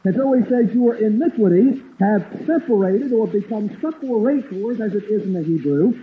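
A man preaching a sermon, slowing to stress key phrases and dropping low and quiet when he tells a story. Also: lively intonation. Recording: tinny lo-fi line with faint hiss.

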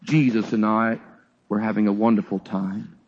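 A male preacher voicing a humble, tearful grown man who has quit drinking, in a softer, lower voice than his narration. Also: little pitch movement, normal speed. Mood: tender. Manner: soft, low and tender next to the preacher's narration. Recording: dull lo-fi sermon recording.

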